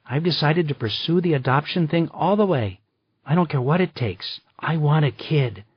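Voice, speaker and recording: A woman's voice: sits low, animated, normal speed, husky, dry recording, voice pushed up. A man voicing a brash wisecracking woman. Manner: brash, self-mocking. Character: blunt wisecracking woman cop friend. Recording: dull lo-fi dry recording.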